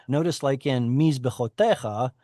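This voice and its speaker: A man's voice: medium pitch, normal speed, warm tone, no room sound, clean studio sound. A man teaching a Hebrew reading class over a video call, explaining at length and correcting himself often. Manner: explanatory, self-correcting, chatty.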